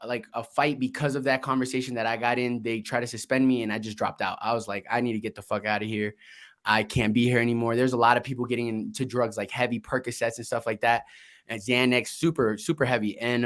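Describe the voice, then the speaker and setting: A young man tells his story as an interview guest, blunt and energetic with plenty of swearing. His voice sits in an ordinary middle pitch. He talks casually, with restarts and quick asides. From Colombia, raised in Florida. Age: young adult. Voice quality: energetic, candid, swears freely. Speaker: guest, investor and Marine veteran.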